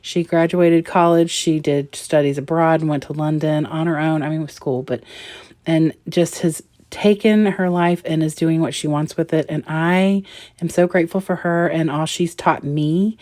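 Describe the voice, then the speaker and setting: A woman with a low, mellow voice talks through her scrapbook layout in a relaxed, rambling way, filling pauses with ums and likes. Her voice sits close and dry, with no room sound around it. She speaks as the friendly host of her own crafting channel. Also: no room sound. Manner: chatty, rambling with many fillers. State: getting teary near the end. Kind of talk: casual crafting vlog narration.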